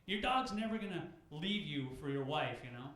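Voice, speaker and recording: A man doing a stand-up comedy set at an open mic, animated and loud, jumping into high shouted bits. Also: normal speed. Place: comedy club stage. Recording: very echoey club room.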